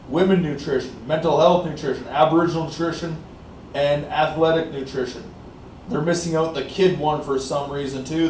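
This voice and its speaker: A man from Canada, rambling in a casual monologue, often saying "like I said" and filling pauses with "uh", winded from exercising. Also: on the high side, darkish tone, recorded from a distance. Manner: rambling, repeats "like I said", pauses with fillers. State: out of breath from exercising. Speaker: vlogger. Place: small warm room indoors. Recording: roomy echo, voice off-mic, faint noise.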